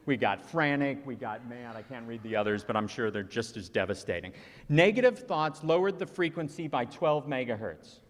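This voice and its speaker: A man with a fairly high voice gives a conference talk in an earnest, conversational way and openly shows his feelings. His voice carries a long reverb from a large hall. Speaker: conference speaker. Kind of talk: conference presentation, personal storytelling.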